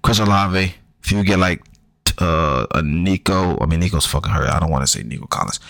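A man's voice: sits low, brisk, vocal fry, fairly bright tone, no echo, low-quality recording. A man talking loosely and casually through fantasy football advice, slangy and repetitive, with frequent ums and the odd curse.

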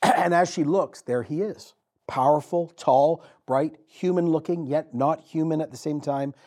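A man preaching a sermon as pastor, telling the story vividly with dramatic pauses and repetition. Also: a little high, dark tone.

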